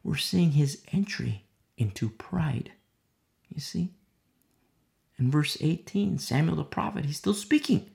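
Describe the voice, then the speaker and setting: Working verse by verse through the Bible, the sermon's teacher has a gravelly, darkish tone and an animated delivery. Important phrases are emphasized and repeated with wide pitch swings, some lines drop to a whisper, and snippets are dramatized with sudden voice changes.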